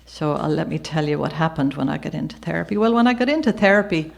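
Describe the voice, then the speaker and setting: A woman's voice: sits low, fast talker, creaky. A woman with an Irish accent reading from her memoir at a gallery event, switching between reading and chatty, conversational storytelling. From Ireland. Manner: warm conversational asides with occasional laughter. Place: gallery event before an audience.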